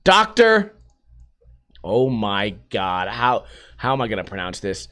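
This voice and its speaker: A man's voice: fairly low pitch, sing-song, slow pace, bright, forceful tone. A man hosting a podcast, riffing casually on news stories, swearing freely and laughing often. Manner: profane and joking, laughs often. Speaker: podcast host.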